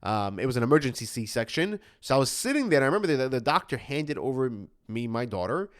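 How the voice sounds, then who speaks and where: A man's voice: medium pitch, sing-song, fast talker. A man in his thirties, an anxiety coach, talking earnestly in a motivational monologue full of fillers and restarts. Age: 30s.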